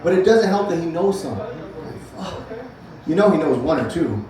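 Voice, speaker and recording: The comic, a man in his forties, has a fairly high, animated voice at a moderate pace as he runs a loose, profane set on a comedy club stage and chats with the crowd between bits. Audience laughter echoes through the club, recorded from far off.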